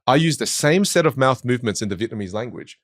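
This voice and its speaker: Here a fast-talking Australian man with a mid-range voice, a communication coach, chats through an interview, telling animated stories and doing voices. The studio sound is clean, with no echo.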